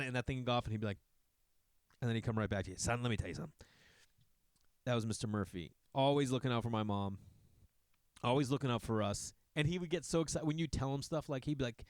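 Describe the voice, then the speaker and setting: A man telling a long personal story in a casual, animated way, swearing often and jumping into asides. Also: mid-range voice, quick pace, no room sound.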